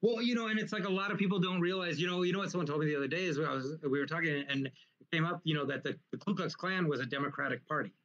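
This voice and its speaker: High-voiced man, animated lecturing talk. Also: rapid-fire, dull audio. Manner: animated, lecturing, many restarts. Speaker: podcast host. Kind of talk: casual conversation.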